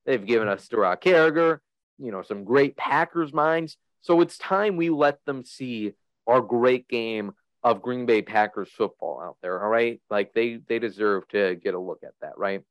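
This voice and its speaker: A man's voice: mid-range voice, animated, moderate pace, no echo, lo-fi sound. A young man hosting a sports podcast in a casual, rambling way, full of fillers. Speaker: podcast host.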